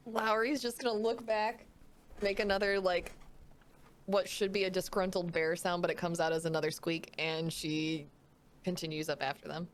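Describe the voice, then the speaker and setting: A woman playing in a tabletop game, quickly and offhandedly describing what her character does. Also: fairly low pitch, flat delivery, slight background noise. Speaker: player. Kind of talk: casual tabletop play.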